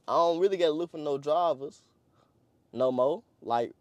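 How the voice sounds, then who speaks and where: A young car vlogger with a slightly high voice casually shows off a pickup truck outdoors at normal speed, slangy and rambling, laughing often. The audio has no echo, but the highs are cut off.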